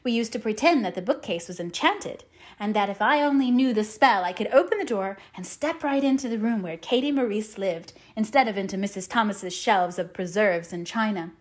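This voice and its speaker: A woman's voice: medium pitch, fairly quick, close to an everyday voice. Anne Shirley, a woman reading as a dreamy orphan girl. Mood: eager, dreamy. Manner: rapturous, breathless run-on chatter. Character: talkative, dreamy, eager young orphan girl. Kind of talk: audiobook character reading.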